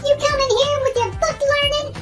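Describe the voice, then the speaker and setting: A squeaky backwoods scold, as a man puts the voice on, who lectures in a shrill, mocking falsetto. The pitch sits far up in an extreme register. A jingle plays clearly behind it. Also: level tone, fairly quick, fairly bright tone, soft background music.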